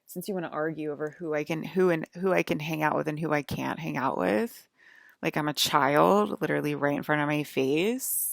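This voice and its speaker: A woman's voice: deep voice, moderate pace, creaky, no room sound, clean studio sound. A woman rambling in an agitated monologue to her viewers, full of "like" fillers and swearing. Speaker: vlogger.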